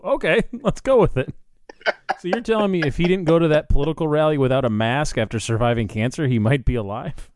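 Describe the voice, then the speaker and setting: A man co-hosting a comedy podcast, trading dry quick jokes and laughing often. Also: on the high side, a little mellow, dry recording. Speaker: podcast co-host. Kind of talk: casual comedic banter. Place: Washington DC area.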